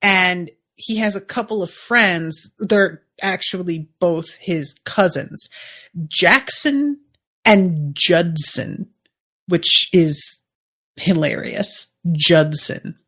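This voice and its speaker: A woman's voice: lowish voice, expressive, slow pace, sharp tone. A woman hosting a podcast, casually recapping a TV episode in a chatty, musing way with plenty of "like" asides. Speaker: podcast host.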